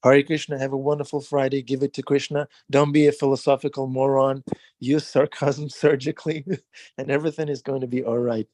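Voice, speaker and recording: A man moderating a devotional class, thanking the speaker and passing on questions warmly. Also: mid-range voice, flat delivery, fairly quick, no echo.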